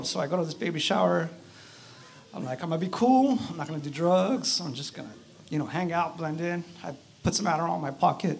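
A man tells his personal testimony at an outdoor church service in a gravelly, somewhat high voice. He speaks earnestly and haltingly and keeps reaching for "you know." Faint background noise sits under his words. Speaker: church member giving testimony.

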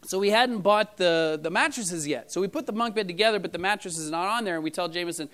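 A man's voice: high-pitched, quick pace, few pauses, fairly bright tone, smooth. A middle-aged man preaching a casual sermon to his church, talking in a loose storytelling way with many fillers. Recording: church audio recording.

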